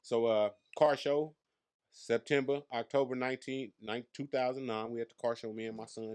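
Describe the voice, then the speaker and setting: A man's voice: medium pitch, fairly even intonation, normal speed, darkish tone, clear, resonant tone. Cocky foul-mouthed comedian guy from vegas, 30s, just talking his stories in an interview. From Las Vegas, USA. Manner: brash, profane, boastful storyteller. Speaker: comedian guest. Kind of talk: casual storytelling interview.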